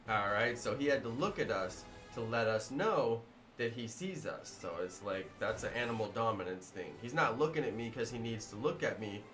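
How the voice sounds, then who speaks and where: A man who makes gaming videos, telling a story to his viewers in a rambling, animated way. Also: mid-range voice. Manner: animated, rambling, many fillers.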